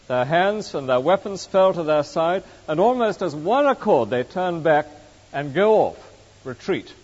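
A man delivers a sermon in a measured, storytelling manner, his pitch rising and falling with lively expression. The sound is muffled and carries a long, echoing reverb from a large hall. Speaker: preacher.

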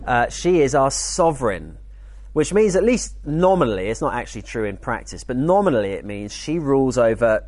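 A man teaching at a church weekend, speaking in a conversational, lively way with jokey asides. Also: medium pitch, fairly quick. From United Kingdom. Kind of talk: teaching talk.

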